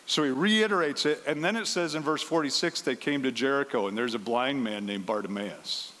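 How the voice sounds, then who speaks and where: A man's voice: mid-range voice, a little fast, a bit bright. Man preaching in a reverberant hall. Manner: conversational, acts out the quoted lines. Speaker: pastor. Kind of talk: sermon.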